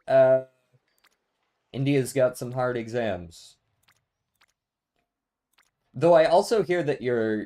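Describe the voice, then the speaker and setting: A man with a warm, lowish voice hosts a casual gaming stream. He's laid-back, talks directly to his chat, laughs frequently, and muses to himself.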